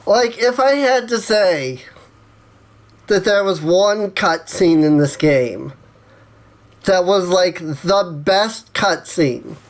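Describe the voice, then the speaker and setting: A woman streamer giving casual livestream commentary on a game, emotional, halting and self-conscious. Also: on the low side, animated.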